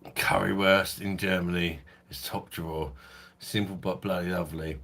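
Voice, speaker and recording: A deep, husky-voiced middle-aged man from London, his accent softened by years in Kent. He chats casually on a live stream, reading out viewers' comments by name. He swears freely and laughs often as he goes. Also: fairly even intonation, moderate pace. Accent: London English, softened by years in Kent. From London, England. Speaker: host of a beer review channel livestream.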